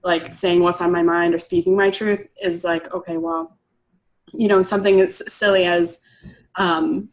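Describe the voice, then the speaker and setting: A woman's voice: fairly low pitch, level tone, normal speed, low-quality recording. Hesitant young woman opening up. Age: 20s. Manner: hesitant, many fillers and restarts. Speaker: coaching client. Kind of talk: hesitant personal sharing.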